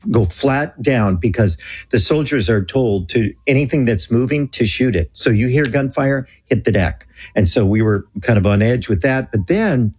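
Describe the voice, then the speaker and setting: A man telling a story in an earnest, animated way on a Christian talk show, acting out the dialogue. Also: mid-range voice, normal speed, slightly rough. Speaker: guest telling a mission story.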